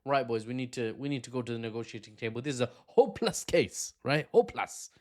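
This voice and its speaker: A man voicing Ukraine as a resigned man, speaking quickly with a put-on accent. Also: medium pitch, lively intonation, a little mellow, close to an everyday voice.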